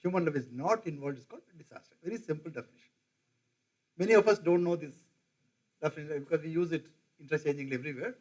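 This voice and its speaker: Man, older, fairly high voice, classroom lecture, asks the audience questions. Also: fast talker, darkish tone, rough recording. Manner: conversational, quizzes the audience, mimics regional accents. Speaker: professor lecturing.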